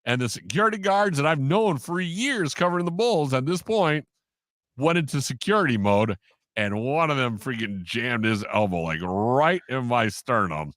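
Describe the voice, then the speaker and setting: A man tells stories as a guest on a sports podcast. His pitch swings widely as he acts out the voices of the people in his stories. He is recorded close on a dry mic. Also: moderate pace, no echo. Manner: animated storyteller, acts out quotes, laughs often. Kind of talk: casual storytelling in an interview.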